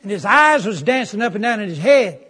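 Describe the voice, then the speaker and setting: A preacher tells a story from the pulpit in a folksy, animated way, with a touch of humor. His voice is high for a man and husky. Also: fairly quick. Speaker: pastor. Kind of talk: storytelling sermon.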